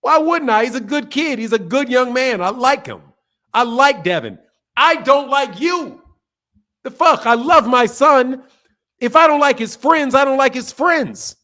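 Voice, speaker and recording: A man's voice: extremely high pitch, animated, normal speed, pushed and bright. A man hosting a boxing channel, talking bluntly and profanely and repeating himself as he rants at his viewers in heated casual commentary.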